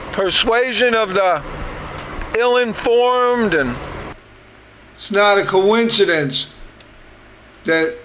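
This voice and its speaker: A man with a high-pitched voice talks as a podcast host. He speaks casually and plainly, in a blunt and opinionated way, like someone thinking out loud to his listeners. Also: slight background noise, rough recording. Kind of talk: casual political commentary.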